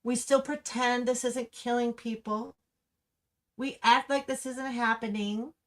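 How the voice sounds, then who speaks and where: A middle-aged woman, talking on a livestream in an impassioned, ranting way that rises to angry shouts. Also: fairly high pitch, fairly even intonation, unhurried. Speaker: livestream host. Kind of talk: livestream commentary over slideshow.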